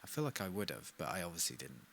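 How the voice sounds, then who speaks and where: A young man, a singer-songwriter chatting casually on a live stream during a recording session, self-mocking with soft muttered asides. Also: low voice, sing-song, fast talker, creaky.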